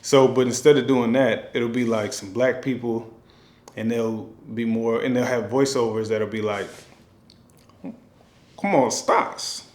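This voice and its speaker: A man's voice: medium pitch, little pitch movement, normal speed, a little mellow. Rambling man in an echoey room. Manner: rambling, with many fillers and restarts. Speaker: film director. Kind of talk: casual thinking-aloud monologue.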